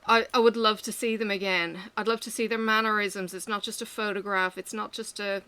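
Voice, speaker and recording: A woman's voice: medium pitch, steady tone, brisk, bright, forceful tone, clear, resonant tone. A middle-aged woman chatting candidly and rambling as she works, swearing freely. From Australia. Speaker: vlogger. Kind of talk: casual chat while working.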